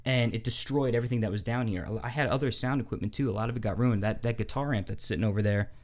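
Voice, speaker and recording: Laughing New podcast host. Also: male voice, medium pitch, fast talker, darkish tone. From New York. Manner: laughs often, swears casually. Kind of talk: casual podcast chat. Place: home basement studio.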